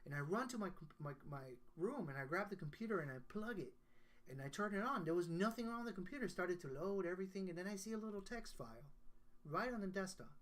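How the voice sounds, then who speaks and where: A man's voice: high voice, expressive, fast, a bit bright. A man, a guest songwriter, telling a personal story in casual conversation, earnest and emotional, often restarting his sentences.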